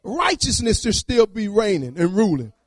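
A man's voice: high voice, big pitch swings, moderate pace, no echo. A man preaching a sermon in repetitive, rhythmic phrases and casual everyday speech.

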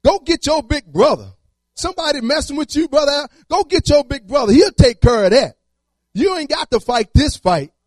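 A man's voice: very high voice, lively intonation, normal speed, no echo. A man preaching a sermon in repetitive, rhythmic phrases and casual everyday speech.

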